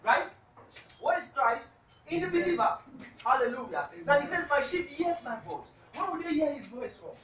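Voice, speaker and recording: Heard from a distance in an echoey room with a slight hiss or hum, a preacher reads scripture aloud and questions his congregation, adding "hallelujah" after nearly every point. His voice is high, expressive and a bit bright, at normal speed.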